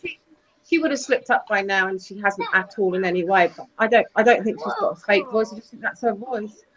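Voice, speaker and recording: A woman's voice: mid-range voice, fairly quick, dull audio, crowd noise. A woman co-hosting a casual live-stream chat, blunt, teasing and opinionated. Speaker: co-host.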